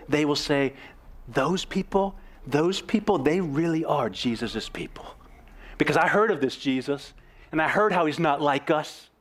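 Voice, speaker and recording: A young man preaching with earnest energy. His voice sits a bit high for a man, and it leaps up and drops down as he presses his points. He speeds up and slows down by turns. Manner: earnest, animated, with sudden swings in pitch and pace. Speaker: pastor. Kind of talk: sermon.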